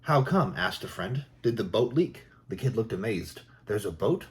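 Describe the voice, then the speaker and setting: A man reading jokes aloud in a soft, unhurried ASMR style. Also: on the low side, lively intonation. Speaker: joke reader.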